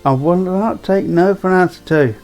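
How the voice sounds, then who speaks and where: A man voicing a brash, excitable young woman. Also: sits high, moderate pace, faint music behind, natural voice. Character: brash, spirited young woman, a trader's daughter.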